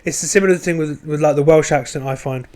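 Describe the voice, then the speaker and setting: A man with a somewhat high voice chatting on a podcast. He jokes easily, pokes fun at himself and laughs things off. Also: fast talker, darkish tone. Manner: jokey, self-mocking. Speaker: podcast co-host. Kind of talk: casual chat.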